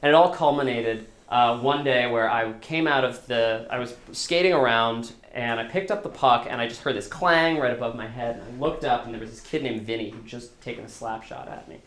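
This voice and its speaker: A man's voice: medium pitch, brisk, hardly any pauses, a bit bright, reverberant. A man telling a personal story live, in a casual, self-deprecating way, acting out the dialogue as he goes. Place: small live storytelling venue.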